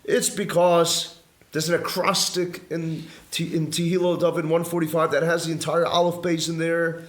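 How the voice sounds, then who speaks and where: A man's voice: fairly high pitch, flat delivery, normal speed. A man, a rabbi, teaching a live class in an indoor room, explaining earnestly and emphatically and repeating key phrases. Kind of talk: religious study lecture to a live class. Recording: echoey room.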